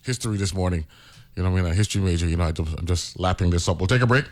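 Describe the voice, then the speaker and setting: Deep-voiced radio host. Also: male voice, racing. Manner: animated, repeats words, says "you know what I'm saying". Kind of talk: casual radio chat. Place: radio studio.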